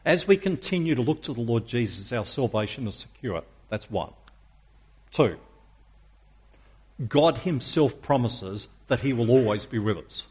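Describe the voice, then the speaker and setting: A man preaching a sermon, emphatic and using dramatic pauses and rhetorical questions. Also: mid-range voice, husky.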